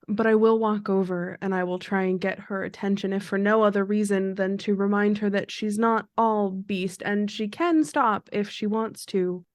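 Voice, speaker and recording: A woman playing her character in a tabletop role-playing game, speaking calmly and earnestly with small restarts. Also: medium pitch, no echo, studio quality. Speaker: player.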